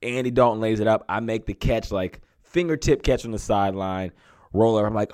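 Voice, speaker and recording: A man in his thirties from Pennsylvania, co-hosting a sports podcast and telling stories in a casual, animated way. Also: on the low side, fairly quick, clear, resonant tone, no room sound, clean studio sound. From Pennsylvania, USA. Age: 30s. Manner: animated storyteller, acts out quotes. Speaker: podcast co-host, former NFL receiver.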